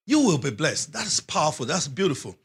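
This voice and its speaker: A man's voice: fairly high pitch, sing-song, brisk, fairly bright tone, slightly rough. A man preaching a sermon, reading scripture aloud and stressing words with big rises and drops, asking questions and answering them himself.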